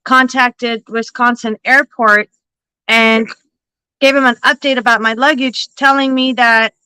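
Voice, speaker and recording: Bright, dry-voiced woman telling a story. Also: fairly high pitch, a little slow, clean tone, no echo, poor audio. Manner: animated, swears freely, restarts sentences. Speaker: livestream host and psychic reader. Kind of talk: casual storytelling chat.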